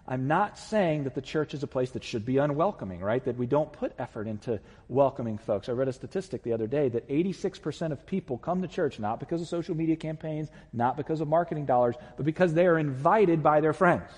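A male pastor giving an impassioned sermon, building to loud, emphatic peaks. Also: a little high, animated, fast talker, hardly any pauses, slightly rough, in a large hall. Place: church sanctuary.

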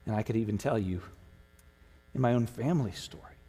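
A pastor with a warm, slightly rough, lowish voice delivers a sermon at a fairly quick pace, his words echoing with long reverb through the church sanctuary. Earnest and emotional, he works up to passionate emphasis.

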